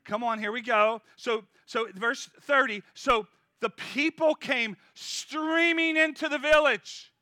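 High-voiced, bright male preacher. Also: takes it slowly, few pauses, no room sound, clean studio sound. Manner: energetic, conversational preaching that urges the crowd on. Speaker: pastor. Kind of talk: sermon.

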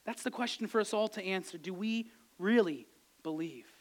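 A man with a notably high voice delivers a sermon, retelling scripture in plain, conversational words. He talks earnestly, rising to emphatic, insistent peaks and then sinking back to soft, quiet passages. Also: moderate pace. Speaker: preacher.

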